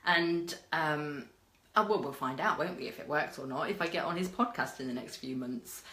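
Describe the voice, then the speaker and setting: A woman's voice: low-pitched, normal speed, reverberant. A British woman giving chatty marketing advice as a vlog host, telling stories with lots of fillers. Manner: chatty, animated storyteller with frequent fillers. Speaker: marketing coach.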